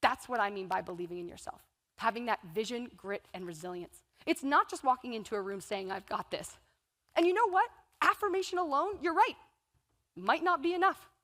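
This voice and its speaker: High-voiced woman giving an animated keynote. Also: fairly quick. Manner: storytelling, acts out inner voices and quotes. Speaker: keynote speaker. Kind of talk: motivational keynote speech. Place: large event hall. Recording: long reverb of a large hall.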